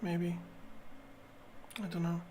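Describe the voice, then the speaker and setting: Woman chess streamer, slow and halting, talks under her breath to herself. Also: on the low side, flat delivery, warm tone, a little hiss or hum. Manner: muttering to herself, repeating phrases, halting. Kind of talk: thinking aloud while playing chess.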